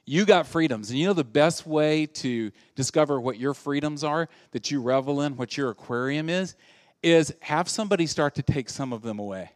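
Animated joking male pastor from the South. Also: on the high side. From American South. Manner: animated, jokey, acts out quoted voices. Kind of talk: humorous sermon.

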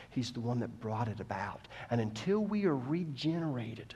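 A male preacher delivering a sermon. He goes from quiet teaching to loud, impassioned preaching and asks the congregation questions. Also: mid-range voice, lively intonation, moderate pace, hardly any pauses, slightly rough.

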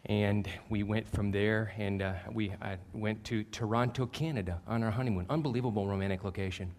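A pastor in his fifties preaches a sermon built on animated, self-deprecating personal stories, getting loud at the punchlines. His voice is fairly low and his delivery fairly quick.

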